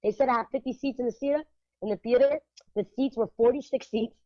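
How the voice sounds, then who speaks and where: Lively woman co-host, emphatic, laughing, slips into Spanish; dry and dull lo-fi sound. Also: on the high side, fast talker, dry recording. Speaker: art show curator and radio co-host. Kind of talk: casual radio chat.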